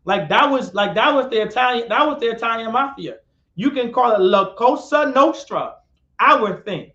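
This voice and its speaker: A man's voice: very high voice, animated, moderate pace, fairly bright tone. A man teaching a live-streamed class lecture, repeating himself and putting questions to his listeners. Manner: repetitive, questions the audience and calls on them. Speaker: class instructor. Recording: echoey, dull lo-fi sound.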